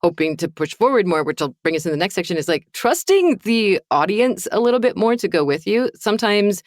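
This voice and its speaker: A woman's voice: mid-range voice, big pitch swings, brisk, no room sound. Lady podcast host leading a group chat, asks lots of questions, dry close sound. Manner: conversational, steering the discussion with questions. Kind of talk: casual roundtable discussion.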